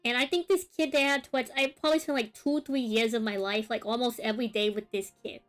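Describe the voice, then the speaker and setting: High-voiced young woman rambling on stream. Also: fairly even intonation, fast, a bit bright, soft background music. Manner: rambling storytelling, many "like" fillers. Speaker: art streamer. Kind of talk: casual chat while drawing on stream.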